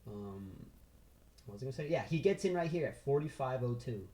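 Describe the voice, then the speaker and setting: A man giving a casual trading lesson over a chart, excitable, with constant "right?" and "boom" interjections. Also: brisk, reverberant, rough recording. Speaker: trading instructor.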